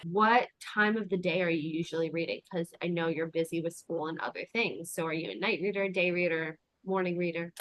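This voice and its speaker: A woman's voice: fairly low pitch, fairly even intonation, brisk, few pauses, fairly bright tone, dry recording. A woman hosting a casual book podcast interview, asking questions and chatting easily. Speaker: podcast host.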